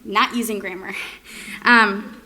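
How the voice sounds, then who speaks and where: Female speech presenter with a bright, tense voice, explaining strategies in a relaxed, filler-heavy way. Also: medium pitch, takes it slowly. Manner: frequent ums, sing-song modeled phrases. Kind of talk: informal training presentation.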